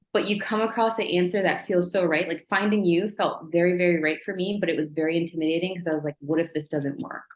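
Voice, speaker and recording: A lower-pitched woman talks as a podcast guest, earnest and reflective with frequent laughs. Her voice sits in a noticeably echoey room. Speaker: podcast guest, former client. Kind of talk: casual interview chat. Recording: roomy echo.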